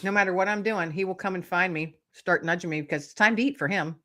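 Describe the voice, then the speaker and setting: A middle-aged woman, a guest author, telling lively anecdotes in casual chat, acting out little voices and laughing often. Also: fairly low pitch, quick pace. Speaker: guest, author and podcast host.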